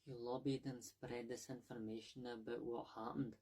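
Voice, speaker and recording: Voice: medium pitch, little pitch movement, normal speed, dark tone, breathy edge. A speaker lecturing someone bluntly in a comedy sketch.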